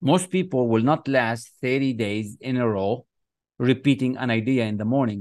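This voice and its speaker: At a moderate pace, a man with a medium-pitched, darkish voice teaches an online motivational class and writes on screen with a mouse. As a success coach he's emphatic and repetitive, chanting affirmations. The studio sound is clean with no room sound.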